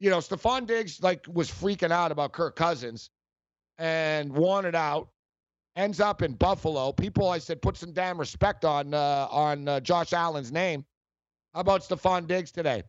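Heated, ranting sports talk host. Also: male voice, fairly high pitch, normal speed, no echo, lo-fi sound.

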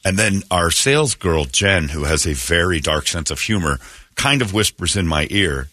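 A man's voice: low voice, animated, normal speed, bright, forceful tone, no room sound, studio quality. A man hosting a morning radio show, telling a rambling, self-amused story and acting out the quotes in exaggerated voices.

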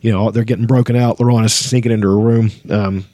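A man reads a fantasy novel aloud and stops to chat about it casually. His voice sits low, and he often hesitates with fillers. The recording is close and dry. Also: fairly even intonation, quick pace, dark tone, no room sound. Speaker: book podcast host.

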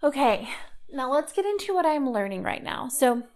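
A woman in her thirties hosts a solo podcast in a loose, chatty way. She talks through her thoughts reflectively and scatters "like" and "kind of" through her sentences. Her voice sits a little on the high side. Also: very animated, normal speed, a little mellow. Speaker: podcast host. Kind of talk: casual solo podcast chat.

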